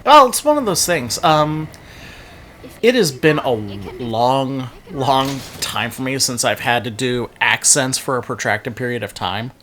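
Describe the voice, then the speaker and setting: A man's voice: medium pitch, a little slow, a bit bright. Joking man hosting a game playthrough. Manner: joking, chatty. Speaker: let's play host. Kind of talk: casual gameplay commentary.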